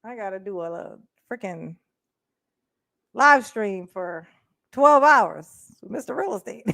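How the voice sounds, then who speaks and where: A woman doing casual live-stream commentary, blunt and profane, chatting directly with her viewers and breaking into quick laughs. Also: medium pitch, expressive, gravelly, bright, forceful tone, dry recording. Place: indoors at home.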